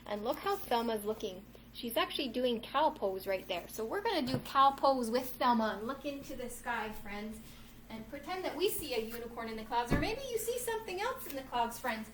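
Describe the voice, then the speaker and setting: With a fairly high pitch, lively intonation and a brisk pace, a woman reads a storybook aloud and leads children through yoga poses at home. She's an encouraging, upbeat kids' yoga teacher who refers to the children as "friends." A distant mic picks up a roomy sound, faint ambience and background noise.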